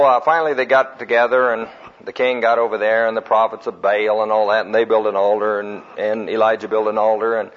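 A man's voice: on the low side, slight background noise. A man preaching a sermon in a folksy storytelling way, acting out quotes and laughing at his own jokes. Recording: dull lo-fi recording.

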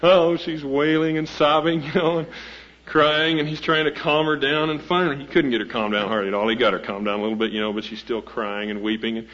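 A man's voice: on the low side, fairly even intonation, fast talker, bright, forceful tone. Male host, folksy rambling introduction to a live audience, muffled dull old recording. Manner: folksy, rambling, many fillers and restarts. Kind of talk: speaker introduction with a humorous story.

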